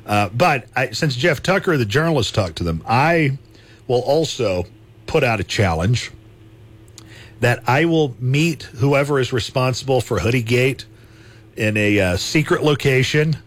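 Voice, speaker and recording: A man's voice: mid-range voice, expressive, a little slow. Male talk radio host, casual and chatty, easy laugh. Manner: chatty, laughs easily, repeats himself.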